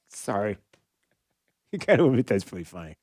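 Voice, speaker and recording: A man hosts a talk radio show on a studio microphone, delivering animated, sarcastic commentary and frequently laughing at his own jokes. His voice sits on the low side and is slightly rough, moving at a moderate pace with no echo.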